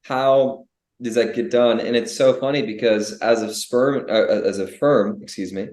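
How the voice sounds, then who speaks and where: A man's voice: medium pitch, normal speed. Young man asking questions in an echoey room. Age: young adult. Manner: animated, asks rhetorical questions, restarts often. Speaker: podcast co-host. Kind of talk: casual business podcast chat.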